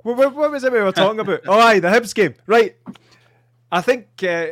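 Sweary excitable Scottish man. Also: high voice, normal speed, no room sound, studio quality. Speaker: podcast co-host. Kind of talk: casual football chat.

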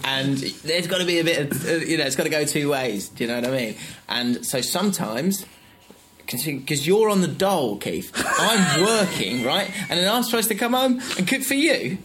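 A man's voice: on the high side, expressive, brisk, hardly any pauses, noisy background, close to an everyday voice. A man playing a fed-up working partner. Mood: exasperated. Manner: exasperated, half-laughing. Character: fed-up working partner scolding a lazy spouse.

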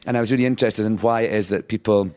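A man's voice: lowish voice, rapid-fire. A Scottish man in his fifties, a talk show guest chatting casually and acting out the voices in his stories with frequent laughter. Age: 50s. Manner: lively storyteller who acts out quotes, laughing often. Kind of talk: casual anecdotal chat.

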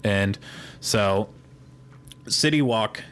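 A man with a Pittsburgh accent hosts a casual podcast. He sits a little low in pitch and wanders off on tangents as he explains. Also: very slow, a bit bright, a little hiss or hum. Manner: rambling, digressive explainer. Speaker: podcast host.

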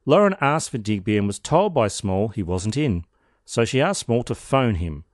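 A man's voice: medium pitch, sing-song, moderate pace, no echo, clean studio sound. A man hosting a podcast, narrating a true crime case with wry, sardonic asides. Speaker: podcast host.

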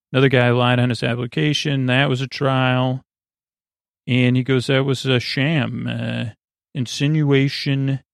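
A man hosting a sleep podcast, recapping a TV episode in a meandering, halting way with lots of filler sounds. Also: medium pitch, creaky, no echo, clean studio sound. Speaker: podcast host.

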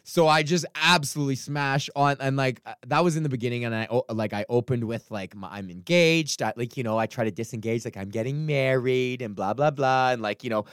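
A man's voice: medium pitch, fairly quick, few pauses, a bit bright, clear, resonant tone, no echo, clean studio sound. Swearing, rambling man with a cough. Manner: swears a lot, rambling with many fillers and restarts. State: lingering cough. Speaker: podcast host, stand-up comic. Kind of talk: casual ranting storytelling.

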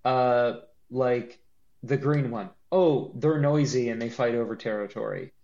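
A man's voice: medium pitch, unhurried. Guy cohosting a podcast, jokey and rambly, laughs a lot, kinda dull lo-fi sound. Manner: animated, joking, laughs often, rambling restarts. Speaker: podcast co-host. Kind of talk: casual chat.

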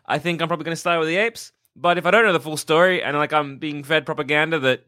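Bright-voiced man with quick playful quips. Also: on the high side, steady tone. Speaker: podcast co-host. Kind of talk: casual comedy podcast banter.

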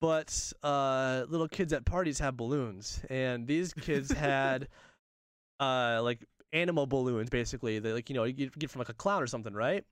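A young man telling a funny story in casual chat, animated and laughing often, acting out the voices of the people in it. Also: mid-range voice, normal speed, few pauses, smooth, no room sound, clean studio sound.

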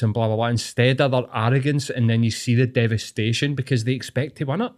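A man's voice: mid-range voice, steady tone, fast talker, hardly any pauses, darkish tone. A young Scottish man hosting a podcast, giving blunt, sweary, opinionated rants in casual chat. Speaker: podcast host.

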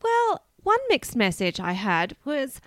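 Australian woman, high lively voice, bright and dry, laughs a lot, swears freely, casual podcast chat. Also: slow, no echo. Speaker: podcast co-host.

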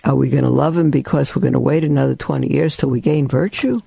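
A man's voice: mid-range voice, fairly even intonation, fast talker, vocal fry, husky, no room sound. A man giving a rambling spiritual talk, telling stories with asides. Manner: storytelling, warm and rambling with asides. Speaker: religious teacher.

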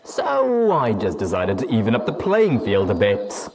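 A man's voice: wildly swooping pitch, a little slow, over a noisy crowd, heavily acted. A man voicing an amiable male cyborg pony villain who stays pleasantly conversational while he threatens. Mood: pleasantly menacing. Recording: booming long reverb with clear noise.

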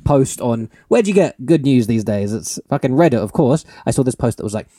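A man co-hosts a podcast with a relaxed, mellow voice, recorded close in a dry room. He talks in an excitable, rambling way, laughing often and swearing freely. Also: mid-range voice, a little fast, no echo. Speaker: podcast co-host. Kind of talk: casual chat.

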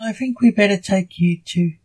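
A woman voicing a stern, dark male sorcerer who is a father, in a read-aloud story. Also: medium pitch, normal speed, breathy edge, lightly acted.

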